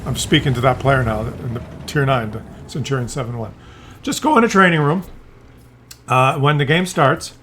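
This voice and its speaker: A man's voice: mid-range voice, lively intonation, normal speed, fairly bright tone, a little hiss or hum. A man giving casual gameplay commentary, rambling and joking as he drifts off topic. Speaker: gaming commentator.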